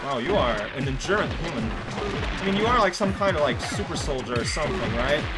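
A high-voiced man rambles through casual gameplay commentary, goofy and easily excited. Game music plays loudly underneath his talk. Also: brisk. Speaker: let's play host.

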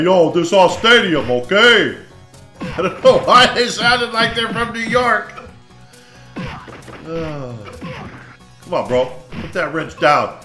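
A man commentating on his own gameplay, excitable, swearing and shouting at enemies. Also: high-pitched. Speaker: let's play host. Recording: echoey room with game music.

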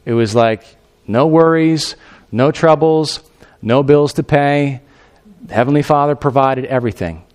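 A male pastor preaching a sermon in a conversational, animated way, with fillers like "you know" and "I mean". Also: on the high side.

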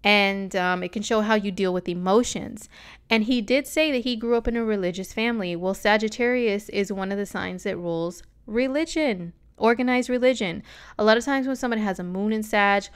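A woman talks through an astrology reading in a loose, sassy vlog style. Her voice is smooth and clear at a middling pitch. She keeps tossing slangy asides to her viewers as she goes. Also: normal speed. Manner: chatty, sassy, slangy, lots of "okay?" asides.

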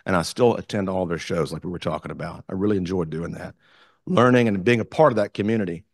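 Southern US man, guest speaker, lively storytelling, low voice, dry close sound. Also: fast, no echo. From South Carolina, US. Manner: animated, enthusiastic storyteller. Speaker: guest speaker, community theater director. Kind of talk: storytelling talk to a club.

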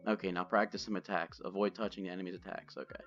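A man's voice: deep voice, little pitch movement, fast, fairly bright tone. A man hosting a gaming channel, chatting loosely and joking as he plays. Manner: chatty, loose, swears and jokes. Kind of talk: casual gameplay commentary. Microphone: desk microphone. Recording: dull lo-fi with game music.

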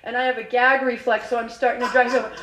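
A high-pitched woman tells a personal story on stage at a live story slam. Her delivery is animated and chatty, often breaking into laughter and peppered with "like". The hall around her rings with echo. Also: fast, background noise. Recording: echoey hall.

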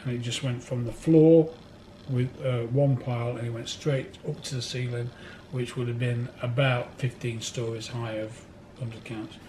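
Background noise accompanies this man's mid-range, level-toned voice, which moves at a moderate pace with hardly any pauses. A record collector being interviewed in a record warehouse, he rambles through anecdotes, laughs through them, and acts out other voices.

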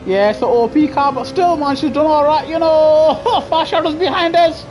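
A man's voice: extremely high pitch, normal speed, a little mellow, soft background music. A man streaming a sim racing game live, bantering in a jokey, laughing, cheeky way into a gaming headset at his home rig. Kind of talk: live gameplay commentary.

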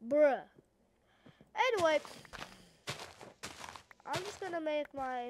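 A woman's voice: high voice, animated, unhurried, noisy background. A woman with an Australian accent giving hyper, rambling, jokey let's-play commentary as a gaming YouTuber.

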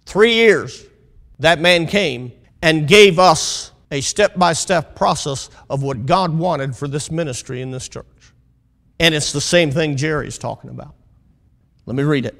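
Man preaching, high voice, slow drawn-out delivery, emphatic peaks, asks for amens, long hall reverb. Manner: preaching with call-and-response asides, rising to loud emphatic peaks. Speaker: pastor teaching a Bible lesson. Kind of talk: sermon.

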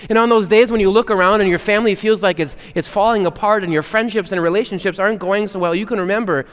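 A man preaching a chapel sermon to students, earnest and swinging from loud, emphatic lines to hushed ones. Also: high voice, quick pace, few pauses, clear, resonant tone, long reverb tail. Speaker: chapel speaker. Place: school chapel.

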